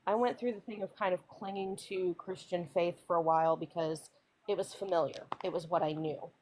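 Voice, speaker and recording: Woman from the South, lowish voice, reflective caller, faint hiss. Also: fairly even intonation, fairly quick, a little mellow. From American South. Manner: reflective, searching. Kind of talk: casual chat.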